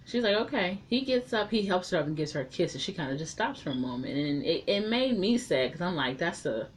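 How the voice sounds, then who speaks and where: Frank low-voiced woman recapping a show. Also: a little mellow. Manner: frank and chatty, swears freely, acts out quotes. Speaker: TV episode reviewer. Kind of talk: casual spoken recap and review.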